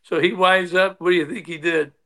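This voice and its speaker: This sixty-something former player and manager speaks in a high voice, a little fast, as a guest in a relaxed conversation. He's a lively storyteller who acts out each quoted voice.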